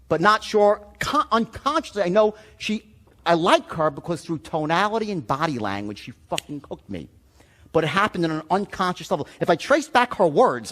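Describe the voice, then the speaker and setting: A middle-aged man giving a sales seminar, telling stories in an animated, blunt way full of profanity. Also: high voice. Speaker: sales trainer. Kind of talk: seminar talk.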